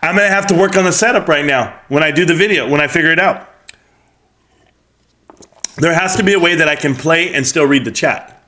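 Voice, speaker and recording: A man's voice: a little high, a little fast, pauses often, pushed and bright. A middle-aged man hosting a live stream, chatting casually with brash, joking, profane banter as he answers his chat. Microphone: streaming microphone.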